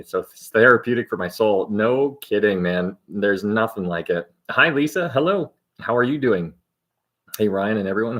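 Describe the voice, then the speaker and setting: Host, male, lowish voice, upbeat and chatty, reads viewer comments aloud and thanks them by name. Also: fairly bright tone. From Ohio, United States. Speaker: livestream host of a Bible teaching. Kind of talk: casual chat greeting live viewers.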